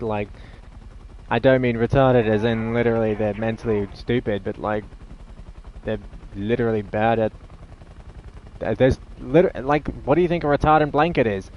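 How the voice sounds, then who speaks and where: A man's voice: mid-range voice, lo-fi sound, a little hiss or hum. An Australian man giving rambling, sarcastic live commentary while playing a video game, easily exasperated. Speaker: gaming channel host.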